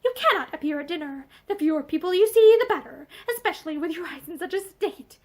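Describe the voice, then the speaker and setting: A woman's voice: extremely high pitch, animated, fast talker. A woman reading as a stern, scolding society mother. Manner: curt, commanding.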